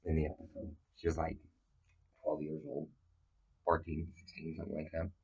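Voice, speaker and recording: A man's voice: a bass voice, completely flat delivery, moderate pace, a little mellow, slightly rough, dull audio. A man giving a rambling, profane, agitated monologue that jumps from claim to claim.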